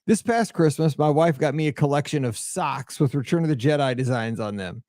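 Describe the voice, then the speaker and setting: A man's voice: a little high, a little fast, a little mellow, no room sound. Chatty rambling podcast man, dry sound. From Midwest of the US. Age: 40s. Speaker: podcast host. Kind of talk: solo podcast chat.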